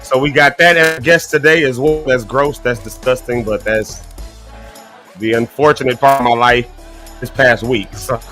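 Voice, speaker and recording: A man's voice: mid-range voice, steady tone, moderate pace, pushed and bright, soft background music. A man hosting a casual morning livestream, chatty and folksy, talking straight to his viewers while his throat is clogged and he keeps coughing. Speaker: host.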